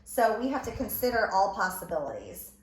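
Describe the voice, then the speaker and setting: A woman's voice: medium pitch, big pitch swings, a little fast. A woman teacher giving a recorded phonics lesson, sounding out letters and word parts one at a time. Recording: echoey room with faint ambient noise.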